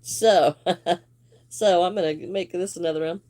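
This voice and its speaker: A woman's voice: on the low side, a little slow, dark tone. A woman hosting a live crochet stream, chatting casually and greeting viewers by name while she works, laughing now and then. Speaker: crochet livestream host.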